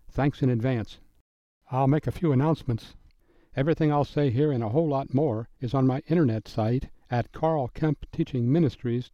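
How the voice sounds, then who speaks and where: Earnest radio Bible teacher, dry lo-fi sound. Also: male voice, medium pitch, dark tone, no room sound. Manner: measured, earnest, emphatic. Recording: dry, dull lo-fi broadcast audio.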